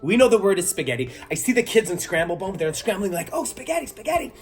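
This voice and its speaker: A man, a magician, telling a story in a casual vlog, animated and laughing as he goes. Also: high-pitched, fast, faint music behind. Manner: animated, laughs while telling, acts out voices. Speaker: magician and kids' entertainer.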